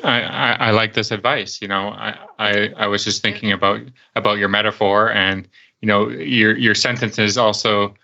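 Male co-host, halting and repetitive, forceful sharp tone, dull lo-fi sound. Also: fairly low pitch, fairly even intonation, gravelly. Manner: halting, repeats words. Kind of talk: casual radio show chat.

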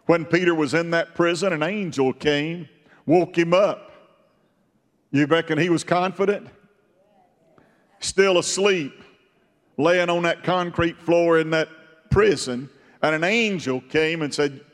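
Slow-talking preacher guy, kinda high voice, folksy sermon, big echoey hall. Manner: folksy storytelling, rising to fervent. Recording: long reverb of a large hall.

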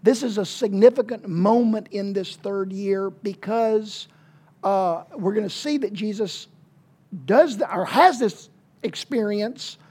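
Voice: medium pitch, a little mellow, husky. Chatty small-church pastor preaching. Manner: conversational, halting with fillers, emphatic asides. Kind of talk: informal sermon.

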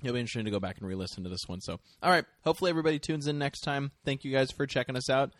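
A man's voice: medium pitch, very fast. A man hosting a casual podcast chat, laughing as he talks and eating while speaking. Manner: laughs while talking, talks with mouth full. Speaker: podcast host.

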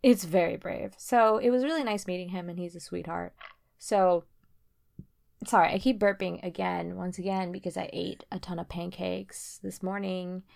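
A young woman co-hosting a relaxed podcast, rambling with plenty of fillers. Her voice has a gravelly fry to it, and laughter keeps breaking through her chat. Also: fairly low pitch, normal speed. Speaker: podcast co-host. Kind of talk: casual chat.

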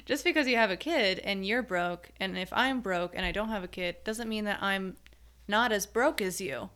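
A woman's voice: medium pitch, moderate pace, fairly bright tone. A young woman hosting a podcast in casual chat, chatty and laughing often. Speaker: podcast host.

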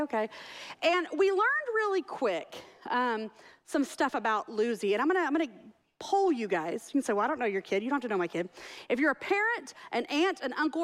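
A woman delivers a sermon in a church. Her voice sits high, and she tells her stories in a chatty, joking way, often teasing herself. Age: 40s. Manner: chatty, self-deprecating storytelling. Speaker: pastor.

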